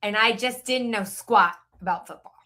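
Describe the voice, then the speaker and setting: A woman's voice: medium pitch, moderate pace, bright, forceful tone. A middle-aged woman co-hosting a casual book chat, candid and chatty with strong opinions. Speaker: podcast co-host.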